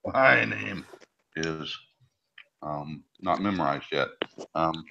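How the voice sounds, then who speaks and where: A man's voice: rumbling low, lively intonation, slow pace, gravelly, pushed and bright, heavily acted. A man voicing a tipsy, forgetful male adventurer hungry for loot, fumbling his words. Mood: boozy eager. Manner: fumbling, trails off mid-sentence. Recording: dull, lo-fi with faint noise.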